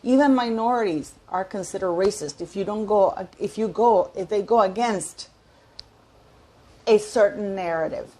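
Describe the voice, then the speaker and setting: A fifty-something woman hosts her own channel in a mid-range, slightly mellow voice at a moderate pace. Her vlog is opinionated commentary: she talks casually, shares strong opinions, and keeps restarting sentences while groping aloud for words.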